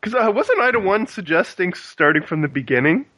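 Lively high-voiced male co-host. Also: a little fast, slightly rough, no echo. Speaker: podcast co-host. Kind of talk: casual podcast chat over a call.

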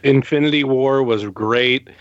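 A man's voice: mid-range voice, measured pace, no room sound, dull audio. A man in a casual podcast chat, talking hesitantly with many fillers.

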